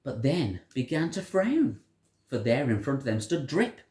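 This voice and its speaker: A storyteller reading a picture book aloud to a child in an animated, sing-song way. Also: mid-range voice, measured pace. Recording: roomy echo.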